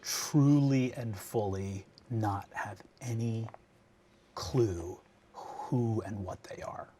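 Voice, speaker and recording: A man's voice: on the low side, mellow, slight background noise. A man as game master narrating a tabletop game, hesitant with frequent fillers. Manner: hesitant, many ums, quick asides.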